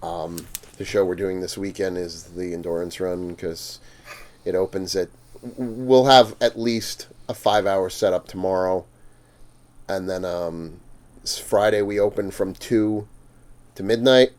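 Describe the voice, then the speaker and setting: A man who makes fangs appears as a podcast guest in the studio, telling casual stories full of swearing and laughter as he acts out the other characters. His voice sits low and darkish, with a steady tone and measured pace.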